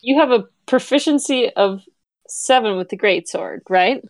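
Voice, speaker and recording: A woman running a tabletop game as game master, brisk and often laughing. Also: on the high side, no room sound.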